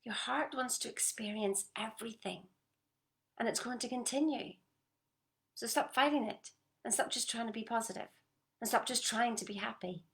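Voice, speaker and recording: A woman coaching listeners on a group call in an earnest, coaxing manner, often dropping to a soft whisper and checking in with short questions. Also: on the high side, moderate pace. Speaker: motivational coach. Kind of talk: motivational talk on a group call.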